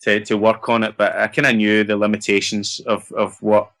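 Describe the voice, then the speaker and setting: A man's voice: fairly low pitch, little pitch movement, moderate pace, fairly bright tone. A middle-aged Scottish man, an actor answering interview questions in a chatty, rambling, self-deprecating way. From Scotland. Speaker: actor guest.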